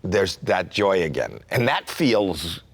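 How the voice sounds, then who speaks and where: A man in his sixties from Canada, a comedian telling a story in an interview and acting out quotes with sudden jumps in pitch. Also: very animated, slow pace, vocal fry, dry recording. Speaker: comedian guest.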